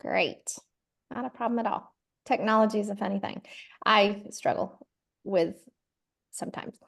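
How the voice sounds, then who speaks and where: A woman's voice: mid-range voice, normal speed, vocal fry, fairly bright tone. A middle-aged woman from Georgia with a Southern accent, leading a virtual workshop in a friendly way, with lots of ums and uhs. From Georgia, USA. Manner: friendly, many ums and uhs, says y'all. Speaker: charter school consultant leading a workshop.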